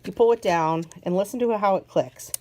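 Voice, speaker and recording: In a mellow, mid-range voice at normal speed, a woman walks through a car seat as a parent, sounding casual and enthusiastic. She chats freely and repeats words to emphasize them. There is slight background noise.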